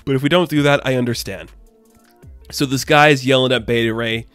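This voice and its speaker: Eager comic reviewer, male, mid-pitched voice, dry close sound, faint music underneath. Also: fairly even intonation, a little fast, fairly bright tone, clean tone, no echo. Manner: enthusiastic, rambling, frequent "like" fillers. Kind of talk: casual review chat.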